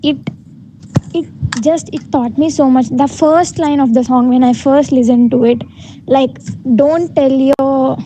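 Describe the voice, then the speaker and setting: A woman, telling a personal story on a video call in a reflective, measured way. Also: high voice, fairly even intonation, mellow, slight background noise, poor audio. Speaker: fan guest on a video call.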